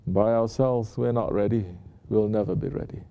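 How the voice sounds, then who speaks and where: A man, a sheikh, giving an unhurried sermon and often checking in with his listeners with rhetorical questions. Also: fairly low pitch, steady tone, vocal fry, mellow, dull audio. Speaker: sheikh giving a talk at a Sufi lodge.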